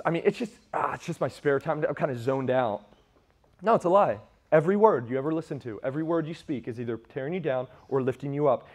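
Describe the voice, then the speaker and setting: Emphatic male preacher, fairly high voice. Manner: emphatic, conversational, rhetorical questions. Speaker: youth preacher. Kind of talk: sermon to young men.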